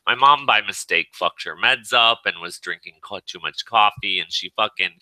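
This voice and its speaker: A man's voice: on the low side, moderate pace, sharp tone, no room sound, rough recording. A tired man venting and swearing in casual chat, rambling in exasperation.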